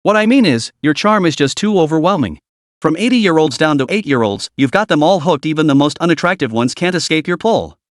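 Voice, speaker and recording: A man voicing a cocky, flippant young man who teases with deadpan mockery in a story recap. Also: on the high side, brisk, no room sound, clean studio sound, close to an everyday voice. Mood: mocking. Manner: mocking, deadpan teasing.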